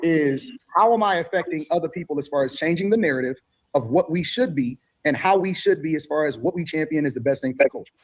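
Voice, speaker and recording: A man speaks as a guest on a heated panel. He is forceful and blunt and swears freely. He talks fast in a slightly high voice. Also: expressive.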